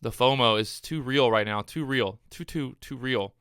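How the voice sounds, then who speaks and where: A man giving live day-trading commentary to his viewers, excitable and out of breath, repeating his phrases as he watches the charts. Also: medium pitch, moderate pace, smooth, no room sound, studio quality. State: out of breath, hyped up. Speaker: day trader streaming his trades.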